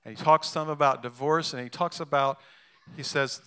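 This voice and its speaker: A man's voice: on the high side, fairly even intonation, a little fast, bright, forceful tone, smooth. A man preaching a sermon in a conversational way, with asides and restarts. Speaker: pastor.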